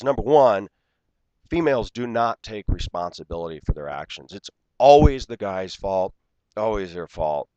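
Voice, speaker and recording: A man's voice: sits low, a little mellow, no room sound, low-quality recording. A man in his forties telling an aggrieved story in an indignant, ranting way, acting out the dialogue. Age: 40s. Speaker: vlogger.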